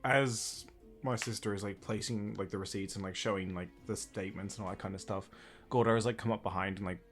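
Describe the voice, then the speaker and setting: Low-voiced man rambling as a player. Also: steady tone, a little fast, soft background music. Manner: rambling, says "like" constantly. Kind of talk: casual tabletop game play.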